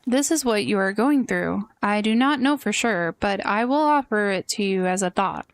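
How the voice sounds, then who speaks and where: A woman voicing a calm, wise space being in a slow, measured, soothing way over game music. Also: mid-range voice, smooth, no echo, close to an everyday voice. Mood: serene.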